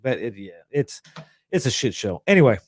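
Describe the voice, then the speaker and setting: A man co-hosting a podcast in casual political chat, blunt and profane and quick to jump in. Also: mid-range voice, big pitch swings. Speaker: podcast co-host.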